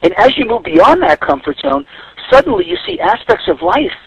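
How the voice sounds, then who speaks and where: A man's voice: very high-pitched, huge pitch swings, moderate pace, creaky, a bit bright, no room sound, low-quality recording. A man giving a radio interview as a guest, telling stories in a reflective way. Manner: storytelling, reflective.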